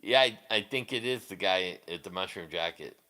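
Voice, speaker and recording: Bright-voiced man rambling on a live stream. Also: low-pitched. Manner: rambling and crude, quick laughs, many restarts. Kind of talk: casual live-stream chat, answering viewers.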